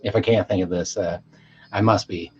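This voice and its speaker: A man with a fairly low voice talks loosely on a home livestream, high and wandering off mid-sentence. He swears casually and restarts his thoughts often. The stream audio sounds dull and lo-fi. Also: fairly even intonation, normal speed, over music. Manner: loose, meandering, self-interrupting, stoned and swearing. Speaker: livestream host. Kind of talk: rambling casual livestream chat, reading chat aloud.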